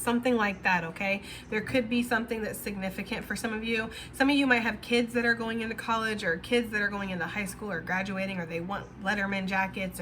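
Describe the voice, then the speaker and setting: A woman's voice: a little high, pushed and bright, slight background noise. A woman giving a casual, rambling tarot reading, talking straight to her viewers. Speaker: tarot reader.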